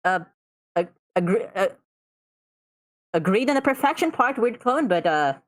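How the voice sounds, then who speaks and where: A woman's voice: mid-range voice, big pitch swings, measured pace. A woman playing a tabletop game over a voice call mic, blunt and quizzical, swearing often. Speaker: player.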